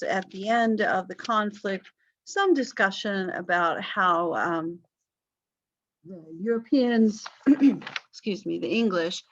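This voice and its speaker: A woman's voice: lowish voice, fairly bright tone. A woman teaching a history class online, casual and apologetic, with many fillers. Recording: slightly dull lo-fi call audio.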